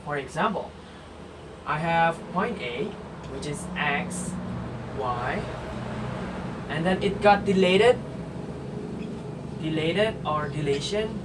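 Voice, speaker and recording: Slow, halting man. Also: fairly high pitch. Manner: slow, halting, step-by-step with fillers and self-corrections. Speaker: student explaining math. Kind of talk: math lesson explanation. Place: indoor room. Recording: distant mic with air-conditioner hum.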